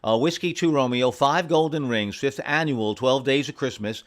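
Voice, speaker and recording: A man running an amateur radio station from home, friendly and repeating call signs slowly and carefully. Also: mid-range voice. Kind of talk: on-air radio contacts, reading call signs.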